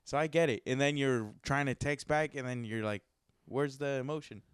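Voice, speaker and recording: A man's voice: medium pitch, brisk, smooth, no room sound, clean studio sound. A man co-hosting a podcast, chatting casually and sympathizing with a friend's story with short reactions. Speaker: podcast co-host. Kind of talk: casual chat.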